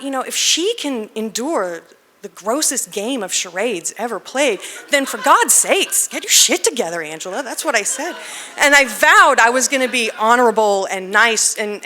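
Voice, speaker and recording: A woman telling a personal story on stage, animated and self-deprecating, often laughing as she talks. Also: fairly high pitch, slight background noise. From United States. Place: stage at a live storytelling event.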